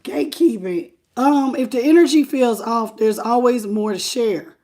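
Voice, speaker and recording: Woman tarot reader on a livestream, a bit high-pitched, animated and direct with her viewers. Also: a little slow, a little hiss or hum. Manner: animated, talks straight to the viewer and greets chat by name; repeats phrases for emphasis. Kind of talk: live tarot reading.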